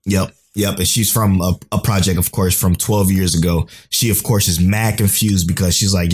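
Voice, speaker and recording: A young man with a lowish voice co-hosts a podcast in casual chat. He recaps episodes excitedly, swearing now and then, and piles on quick asides. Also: husky. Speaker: podcast co-host.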